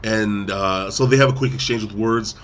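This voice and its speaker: The podcast host has a fairly low, fairly bright voice and keeps a steady tone and moderate pace as he casually rambles through a movie recap, reenacting quotes. Slight background noise is audible.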